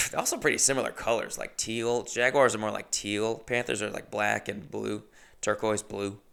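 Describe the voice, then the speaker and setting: A man's voice: fairly low pitch, normal speed, creaky, smooth. A man in his thirties from New England, rambling through a profane, digressive comedic monologue as a podcast host while pacing his apartment on a corded mic. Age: 30s. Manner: digressive, profane, animated storytelling. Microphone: corded microphone.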